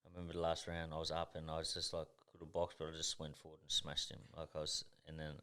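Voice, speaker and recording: Aussie guy in his 30s, super low voice, swears constantly, blunt and intense, just chatting on a podcast. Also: monotone, fast talker, bright, forceful tone, clean tone. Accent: Australian. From Tasmania, Australia. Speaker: guest, professional boxer. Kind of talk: casual podcast storytelling.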